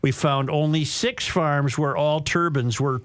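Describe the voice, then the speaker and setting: A man's voice: on the high side, steady tone, measured pace, fairly bright tone, no echo. A man hosting a talk radio show, bluntly scornful in banter and reading a listener's letter aloud. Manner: blunt and scornful, reads aloud with shifting emphasis.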